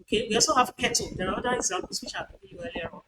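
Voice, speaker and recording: A woman's voice: fairly high pitch, sing-song, rapid-fire. A woman, teaching a university class on pronunciation and repeating example words with corrections. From Nigeria. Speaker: university lecturer. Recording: noisy recording.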